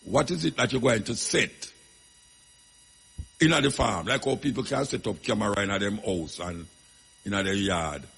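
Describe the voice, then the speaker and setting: Man, Jamaican accent, radio host, gravelly, very husky, rambling patois asides. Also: lowish voice, moderate pace, long pauses, fairly bright tone, big-room sound. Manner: loose, rambling patois storytelling with emphatic asides. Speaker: radio talk show host. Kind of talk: casual radio talk.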